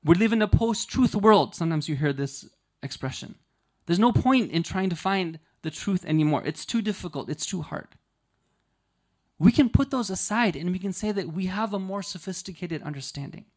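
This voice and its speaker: A man giving an earnest, explanatory sermon. He tells a story slowly, stresses key lines and keeps checking in with listeners by asking "right?". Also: high voice, expressive, darkish tone. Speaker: religious lecturer.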